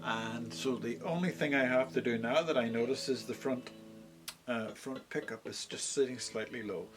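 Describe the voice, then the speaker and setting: A man working as a luthier, casually walking through a guitar repair in an easygoing, rambling way with frequent pauses. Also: mid-range voice. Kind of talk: casual workshop walkthrough. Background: electric guitar playing.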